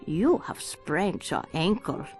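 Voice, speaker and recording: Game cast: a careful, earnest woman, deep creaky tone, loud music behind. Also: sing-song, low-quality recording. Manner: slow, careful, formal phrasing. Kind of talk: game voice acting.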